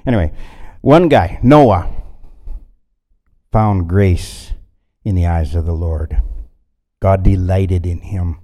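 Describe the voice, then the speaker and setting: A man preaching a sermon in a folksy way, swinging between loud bursts and quiet asides. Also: deep voice, fairly even intonation, unhurried.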